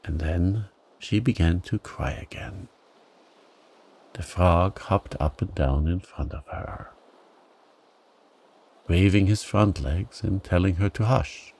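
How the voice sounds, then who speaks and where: This bedtime story comes from a man whose voice is low, creaky and grainy. He's soothing and gentle, moving slowly and giving every phrase plenty of time.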